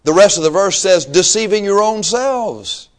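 A man preaching a sermon emphatically, swinging from low asides to shouted exhortation, reading scripture aloud and acting out his listeners' excuses. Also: lively intonation, normal speed.

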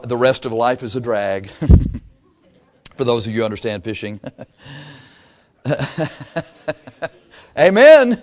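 Preaching with folksy animation, this man reads scripture in a quick run and lets his voice fall to quiet asides in between the louder points of his sermon.

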